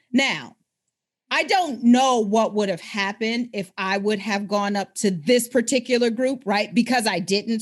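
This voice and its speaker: A woman co-hosting a podcast, telling a personal story in an animated, conversational way. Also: mid-range voice. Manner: animated, acts out quoted people in her stories. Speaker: podcast co-host.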